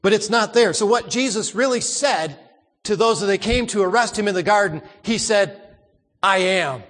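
A man's voice: sits high, moderate pace, a bit bright, big-room sound. A man preaching a sermon, emphatic, repeating words and asking the congregation questions.

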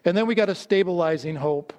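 A man preaching a sermon, telling stories and dropping low and slow to stress his points. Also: darkish tone. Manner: storytelling, drops low and slow for emphasis. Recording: long hall reverb.

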